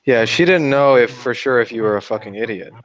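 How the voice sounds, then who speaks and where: A man's voice: medium pitch, fairly quick, no room sound. A man on an online call, butting in with blunt, crude remarks. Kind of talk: casual call-in chat. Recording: dull dry online call audio.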